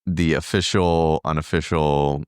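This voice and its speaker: A man's voice: rumbling low, steady tone, measured pace, a little mellow, smooth, no room sound, studio quality. A middle-aged man, a podcast co-host, recounting a trip in casual, rambling chat full of fillers. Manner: rambling, filler-heavy storytelling.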